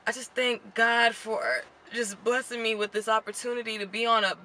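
A woman's voice: on the high side, steady tone, normal speed, bright, forceful tone, slight background noise. A young woman, chatting to camera from her car, emotional and close to tears. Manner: chatty and emotional, near tears, says "y'all" often. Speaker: beauty vlogger. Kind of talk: casual vlog to camera. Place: car parked at a gas station.

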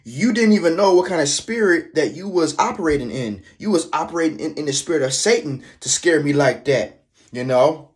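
A man's voice: fairly high pitch, expressive, a little fast, lightly acted. A man voicing an earnest older woman coworker who talks in a solemn, insistent way.

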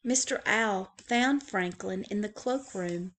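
Slow, expressive woman reading a storybook. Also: mid-range voice, gravelly. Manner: expressive, with playful asides to the kids. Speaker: school librarian. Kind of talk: picture book read-aloud for young children.

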